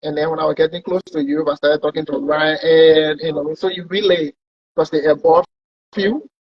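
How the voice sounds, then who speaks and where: A man's voice: a little high, steady tone, moderate pace. A man talking as a pilot guest, recounting his long trip in a casual, rambling way and often repeating words. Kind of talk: conversational storytelling. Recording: dull lo-fi recording.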